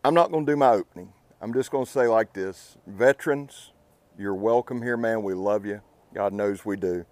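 A man's voice: lowish voice, moderate pace, darkish tone, no room sound. A man hosting an outdoor channel, talking earnestly and casually to the camera beside a campfire. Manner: earnest, heartfelt, laid-back. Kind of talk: casual talk to camera by a fire.

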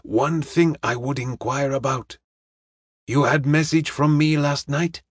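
A polite, formal detective, put on by a male audiobook narrator weighs every word with measured courtesy. The voice sits a touch higher than the narration. The recording is dry and close. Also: fairly even intonation, breathy edge, no echo. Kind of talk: audiobook character reading.

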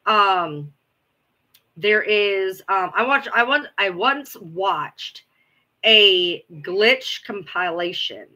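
Bright-voiced woman rambling casually. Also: mid-range voice, expressive, drawn-out words, highs cut off. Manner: rambling, repeats herself, casual swearing. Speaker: livestream host. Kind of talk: casual chat answering viewers.

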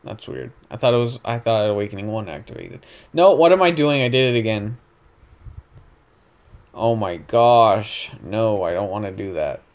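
A man's voice: lowish voice, expressive, moderate pace. A young man casually commentating his own gameplay, joking around, rambling and correcting himself as he goes. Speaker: gaming video host.

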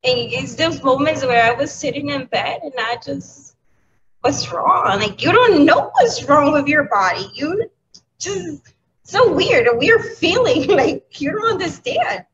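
A woman with a fairly high voice talks candidly in an interview, pausing and restarting with soft laughs. The sound is dull and lo-fi, and a steady noise runs underneath. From New York City. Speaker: educator, interview guest. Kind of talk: emotional interview talk. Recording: dull lo-fi audio with clear background noise.

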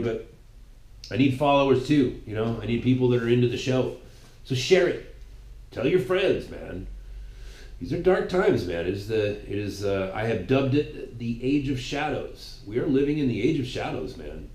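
A man's voice: mid-range voice, warm tone. A man hosting his own show, preaching a mocking, opinionated solo monologue. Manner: preachy, mocking, with impressions of others. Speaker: podcast host. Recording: echoey room.

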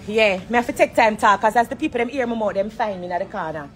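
A woman's voice: medium pitch, fast, slight background noise. A woman with a Jamaican accent, in her forties, ranting bluntly and profanely in patois on a phone livestream from an airport corner. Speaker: celebrity going live.

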